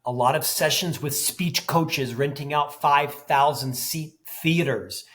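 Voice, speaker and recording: A man with a stutter gives candid, short, emphatic answers as a podcast guest. His voice sits a little higher than most men's. He talks openly about hard work and speech therapy. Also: takes it slowly, a bit bright. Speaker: guest, author. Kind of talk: podcast interview conversation.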